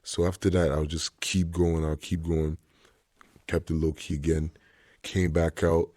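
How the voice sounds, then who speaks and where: A man's voice: extremely low pitch, flat delivery, measured pace, warm tone, no echo. A young man, a DJ, telling stories in a laid-back casual chat full of slang. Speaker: DJ guest.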